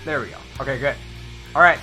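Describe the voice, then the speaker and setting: A man hosting a live-stream clip tournament in casual chat, excitable and rambling with lots of fillers. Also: medium pitch, fast talker, faint music behind.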